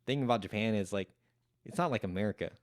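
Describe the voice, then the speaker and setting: Speaking fast in a lowish voice, a young man guesting on a podcast spins a rambling, swear-filled story and acts out what others told him. It's casual chat, captured at studio quality with no echo.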